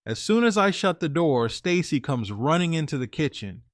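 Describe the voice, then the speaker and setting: A man's voice: on the high side, big pitch swings, normal speed, no echo, clean studio sound. Man telling a casual first-person story. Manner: casual, conversational, talks to listeners as "guys".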